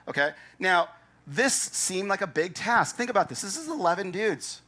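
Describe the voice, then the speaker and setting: A man's voice: high voice, normal speed. A man preaching a sermon as pastor, emphatic and conversational, acting out his listeners' doubts. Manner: animated, acts out doubting listeners' thoughts.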